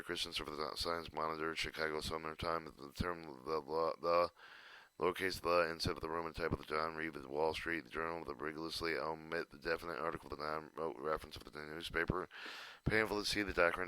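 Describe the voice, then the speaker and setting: A man reading a writing style guide aloud, halting and stumbling over words with restarts. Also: a bass voice, bright, forceful tone, clean tone, no echo.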